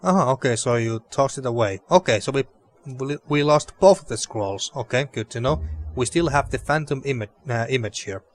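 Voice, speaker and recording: A man casually commenting on an adventure game as he plays, thinking out loud. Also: medium pitch, expressive, brisk. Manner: rambling, thinking aloud with restarts. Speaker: let's play host. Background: game music.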